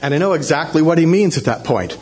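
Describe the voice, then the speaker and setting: A man with a fairly high voice tells a personal story to a congregation. He is animated and acts out shouts in a raised voice. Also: quick pace. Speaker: church speaker telling a testimony.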